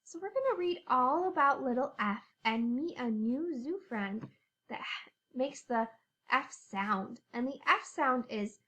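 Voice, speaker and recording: A woman teacher leading a phonics lesson for young children, animated and sing-song, reading a storybook aloud. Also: sits high, slow pace, pauses often.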